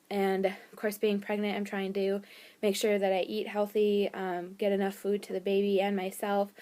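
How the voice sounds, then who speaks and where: A woman's voice: mid-range voice, a little mellow. A young woman telling a personal story in a casual vlog, chatty and full of "um" and "like". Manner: chatty, lots of fillers and "like". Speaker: vlogger.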